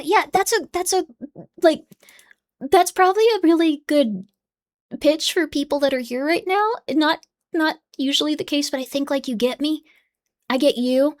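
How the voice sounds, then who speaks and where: A woman's voice: high-pitched, lively intonation, normal speed, long pauses. A young adult woman streaming live, chatting casually and bubbly, playfully scolding and dropping into whispers.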